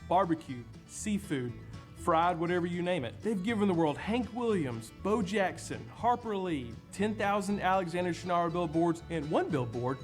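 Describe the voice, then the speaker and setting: A man with a Southern US accent reads a comedic countdown script with wry, punchy timing. His voice sits fairly high for a man. Faint music plays beneath his voice. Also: lively intonation, normal speed. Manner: wry, punchy delivery with jumps in pitch for each number. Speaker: video narrator. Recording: video with faint music bed.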